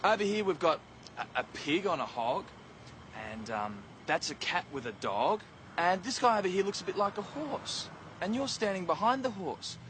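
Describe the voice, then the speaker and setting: A man's voice: high-pitched, expressive, moderate pace, fairly bright tone, a little hiss or hum. An actor playing a cocky, mocking Australian man in a TV drama. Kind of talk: TV drama acting.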